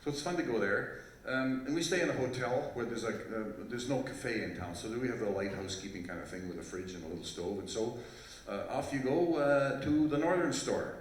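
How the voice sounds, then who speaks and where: A man's voice: medium pitch, animated, brisk, hardly any pauses, a little hiss or hum. A man telling a rambling, joking story to a live audience from a festival stage, with lots of fillers and restarts. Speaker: fiddler introducing a tune on stage. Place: large hall at a live festival show. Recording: very echoey hall, voice from far off, faint crowd ambience.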